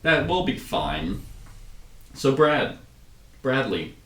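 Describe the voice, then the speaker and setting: A man's voice: mid-range voice, very animated, slow, a bit bright, far from the mic. A man reading a board game's story text aloud and chatting between passages in a loose, joking way. He sits back from the microphone, and his voice rings around a roomy space. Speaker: host of a board game playthrough. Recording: roomy sound from away from the mic.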